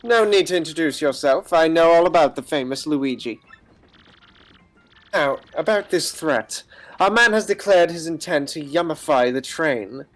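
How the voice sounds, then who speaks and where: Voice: mid-range voice, animated, normal speed, natural voice. A streamer doing a pompous penguin detective. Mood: theatrical. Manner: grandiose, formal, self-assured. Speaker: streamer reading game dialogue. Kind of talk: voice acting a game's text on stream.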